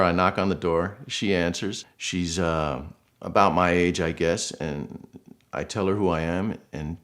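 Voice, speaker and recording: A middle-aged man from Buffalo, New York, earnestly telling a personal story in a casual way and acting out the people he quotes. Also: low-pitched. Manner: earnest, emotional, animated quotes. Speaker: guest storyteller.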